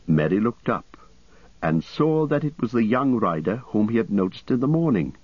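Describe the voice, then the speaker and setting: A man reading an audiobook as narrator in a steady, measured way. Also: fairly low pitch, no room sound, muffled recording. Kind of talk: scripted narration.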